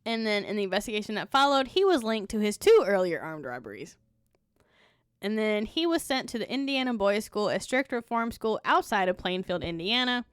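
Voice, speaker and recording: A woman's voice: mid-range voice, sing-song, fairly quick, clear, resonant tone, dry recording, clean studio sound. A young woman co-hosting a casual true-crime podcast, reading from notes and breaking off for blunt, profane asides. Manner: reads notes then adds blunt, profane asides with laughs. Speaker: podcast co-host.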